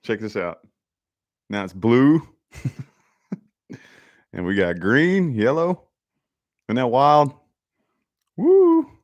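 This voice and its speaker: A man's voice: mid-range voice, lively intonation, slow, long pauses, lo-fi sound. Laid-back man chatting to live viewers. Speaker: live-stream host. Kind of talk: casual live-stream chat to viewers. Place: home office, indoors.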